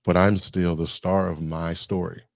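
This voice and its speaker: A man's voice: sits low, little pitch movement, moderate pace, vocal fry, no echo. A man talking as a guest on a podcast, reflective and thoughtful, working through ideas with lists and examples. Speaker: guest, communication specialist.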